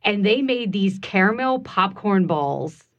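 A woman's voice: medium pitch, lively intonation, measured pace, a bit bright. Woman, chef guest, easygoing, slightly muffled studio recording. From St. John Parish, Louisiana. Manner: easygoing, laughs often. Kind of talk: casual radio interview. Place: radio studio.

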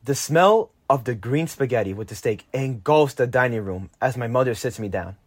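A teenage boy reading a personal story aloud, lively and lifting his voice for his own quoted lines. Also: moderate pace, no echo. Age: teens. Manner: lively, jumps higher when quoting his younger self. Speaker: narrator.

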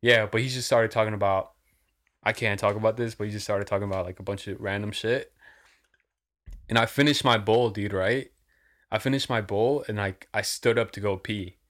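A man's voice: on the low side, fairly even intonation, normal speed, a bit bright. A young man telling a rambling, profane story in casual chat, saying "dude" and "like" all the time.

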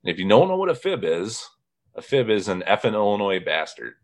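Deep-voiced man telling casual stories. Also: sing-song, a little fast. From northern Indiana. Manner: storytelling, laughs often, mimics people in quotes. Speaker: podcast host. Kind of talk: casual chat.

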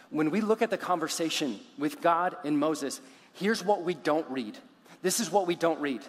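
A man's voice: a little high, expressive, moderate pace, in a large hall. A man preaching a sermon, telling a story dramatically and acting out its characters. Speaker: pastor.

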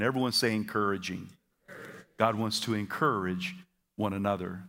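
A man preaching a sermon to his congregation, energetic and having them repeat phrases back to him, with stammered repeats and quick asides. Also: fairly low pitch, vocal fry. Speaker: pastor. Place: church auditorium.

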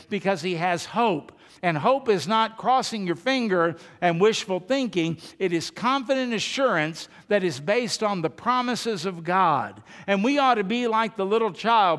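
A man's voice: high-pitched, animated, moderate pace, a bit bright. A man preaching a sermon as pastor, earnest and emphatic, repeating phrases to drive his point home. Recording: long reverb of a large hall.

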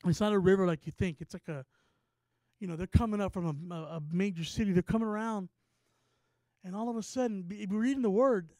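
A man from Texas preaching a sermon, telling a story with rising excitement and stammered repeats. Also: sits high, no echo.

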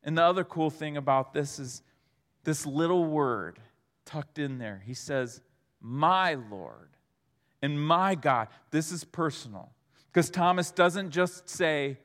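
A man preaching a sermon in an earnest way, moving between hushed and emphatic delivery. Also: fairly high pitch, a little slow, big-room sound.

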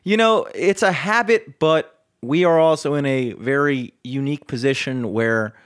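A man's voice: a little high, normal speed, clear, resonant tone. A young man co-hosting a podcast in casual chat, teasing his friend, laughing a lot and saying "dude" often. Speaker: podcast co-host.

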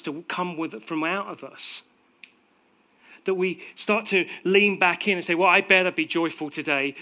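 A man preaching a sermon in a conversational, animated way, acting out little quotes as he goes. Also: sits high.

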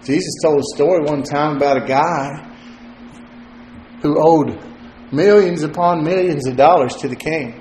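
A man's voice: on the high side, measured pace, a little mellow, a little hiss or hum. A male pastor delivering a sermon in a loose, conversational way, joking at times and repeating words as he thinks. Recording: roomy echo.

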